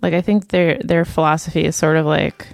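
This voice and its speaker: Woman cohosting a casual podcast, lowish gravelly voice, easygoing, dry close mic. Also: fairly even intonation, a little fast, no room sound, faint music behind. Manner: easygoing, chimes in with agreement and advice. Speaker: podcast co-host.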